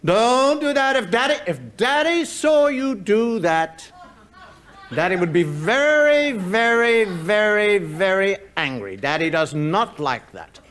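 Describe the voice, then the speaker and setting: A man voicing a prim mother scolding her small boy, sweetly threatening and slow. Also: sits high, very animated, fairly bright tone, full character voice. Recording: live audience laughter, noisy room.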